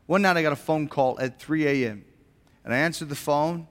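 A man's voice: fairly high pitch, fairly quick, big-room sound. A man preaching a sermon as a pastor, earnest and posing rhetorical questions to his congregation in a church.

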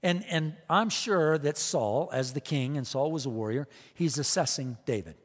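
A man preaching with an emphatic, repetitive cadence, piling up rhetorical questions. His voice sits a touch high for a man. It rings with the long reverb of a big church sanctuary. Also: moderate pace. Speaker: pastor. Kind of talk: sermon.

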